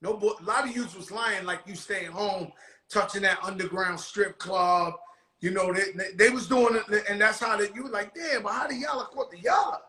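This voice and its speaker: Loud, bright-voiced rowdy man host. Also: high voice, normal speed, echoey room, low-quality recording. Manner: rowdy, profane storytelling with shouted bursts. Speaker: show host. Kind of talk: casual chat.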